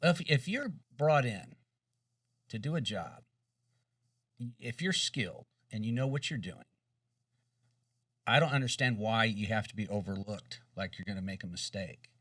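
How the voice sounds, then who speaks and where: A man co-hosting a casual chat, measured and emphatic, stuttering a little as he starts. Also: on the low side, expressive, a bit bright, dry recording. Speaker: co-host. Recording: dry room, distant mic.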